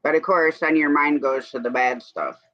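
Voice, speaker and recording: Talking at a normal speed with a fairly high-pitched voice, a man hosts a casual evening livestream, wandering through everyday topics. The stream's audio is dull and lo-fi.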